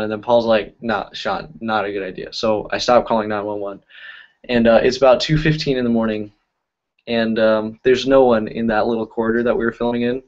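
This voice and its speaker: A YouTube magic and cardistry creator with a mid-range voice hosts a casual live stream, answering comments over a muffled recording. He tells rambling stories, corrects himself, and laughs often.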